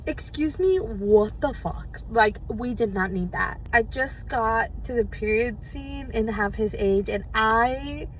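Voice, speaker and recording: A woman's voice: medium pitch, slight background noise. A young woman in her twenties vlogging casually at home at night about the books she is reading, gushing and dramatic, swearing freely. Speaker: book vlogger. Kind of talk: casual vlog chat.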